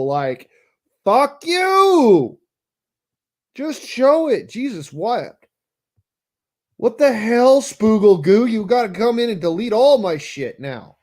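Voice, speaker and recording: A man with a slightly high voice vents on a live stream. His rant is heated, bitter and thick with profanity. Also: a little mellow.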